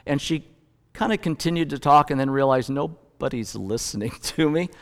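Conversational preacher in a reverberant hall. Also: male voice, medium pitch, moderate pace. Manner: conversational, storytelling preacher with self-corrections. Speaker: pastor. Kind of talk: sermon.

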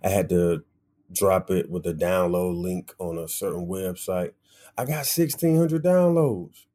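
Young adult male musician, interview guest; low-ish voice, relaxed anecdotal delivery. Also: a little slow. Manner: laid-back storytelling, acts out voices in anecdotes. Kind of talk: casual interview conversation.

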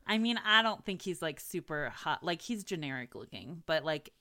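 A woman's voice: low voice, lively intonation, moderate pace, sharp tone. A woman co-hosting a podcast in casual chat, blunt and sarcastic, swearing freely. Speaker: podcast co-host.

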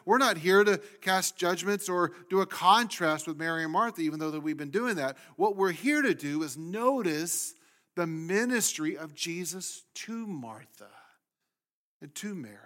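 A male pastor preaching a sermon, swinging from loud emphasis down to hushed, near-whispered lines. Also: high-pitched, expressive, moderate pace.

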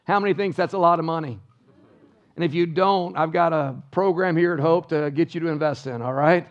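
A male pastor preaches an emphatic sermon in church and keeps asking the congregation rhetorical questions. His voice sits high for a man and has a gravelly fry. The recording sounds somewhat dull and lo-fi. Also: brisk.

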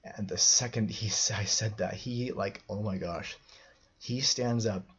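A man's voice: on the low side, measured pace, a bit bright, breathy edge, highs cut off. A man telling a personal story as a podcast host, rambling with many restarts and fillers.

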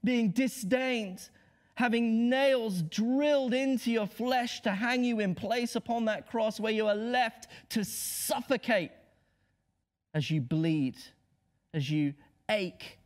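A man preaching a Good Friday sermon, impassioned and rhetorical, dropping to hushed lows and rising to emphatic highs. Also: slow.

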